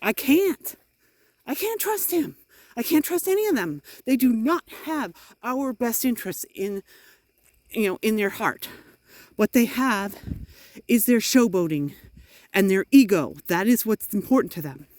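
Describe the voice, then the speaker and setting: A woman's voice: fairly high pitch, animated, a little slow, a little mellow, no room sound. A middle-aged woman vlogging outdoors while walking in the rain, talking into a phone in a frustrated, emphatic way. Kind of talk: walking vlog monologue.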